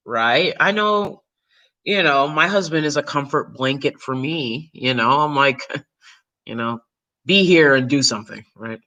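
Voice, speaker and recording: A woman YouTuber and actor chatting casually to her viewers, animated and swearing freely, breaking into loud shrieks and laughs. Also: low voice. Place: New York City.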